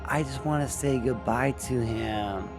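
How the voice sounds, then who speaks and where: A man's voice: medium pitch, unhurried, music in the background, close to an everyday voice. A man voicing a polite, anxious female teacher pleading to see a child.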